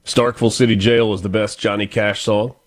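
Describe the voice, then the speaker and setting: A man's voice: lowish voice, flat delivery, fairly quick. Easygoing man hosting morning radio. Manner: easygoing, chatty, reads birthdays and sponsor spots. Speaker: radio show host. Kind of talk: casual morning radio chat and announcements. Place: radio studio.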